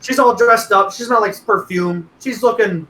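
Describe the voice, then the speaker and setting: A man's voice: sits high, moderate pace, sharp tone, reverberant, slight background noise, rough recording. A man co-hosting a podcast, telling rambling, profane stories in casual chat. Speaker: podcast co-host.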